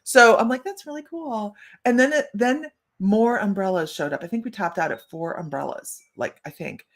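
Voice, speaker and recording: A woman's voice: mid-range voice, lively intonation, moderate pace. A woman hosting a psychic live stream, telling stories in a bubbly, rambling way and laughing often. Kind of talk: casual live-stream chat.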